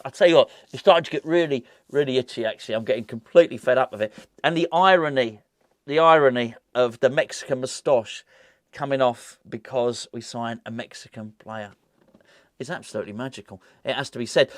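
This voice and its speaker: A chatty, excitable man hosting a fan vlog, his voice sitting a touch higher than most men's. He rambles through his thoughts and laughs at his own asides. The sound is dry and close, with no room echo. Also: normal speed. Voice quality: moustache. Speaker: football fan channel host. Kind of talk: casual fan vlog chat.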